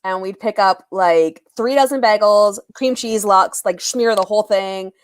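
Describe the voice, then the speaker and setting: A woman's voice: medium pitch, a little slow, clear, resonant tone. Young woman chatting on a stream, laughs a lot, tells stories. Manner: chatty, laughs often, storytelling. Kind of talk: casual chat on a livestream.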